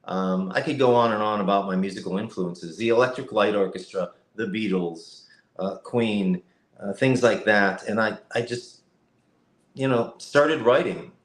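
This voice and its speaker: A voice actor from Cleveland, Ohio, USA, appears as a guest on a casual live-stream interview over a video call from his home setup with a lighting kit. He explains things reflectively, using many fillers, in a lowish voice at a measured pace. The recording has a roomy echo.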